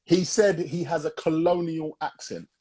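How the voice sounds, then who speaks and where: A man's voice: fairly high pitch, moderate pace, mellow, slightly rough. A young man, co-hosting a casual podcast chat, rambling with restarts and calling people "bro". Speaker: podcast co-host.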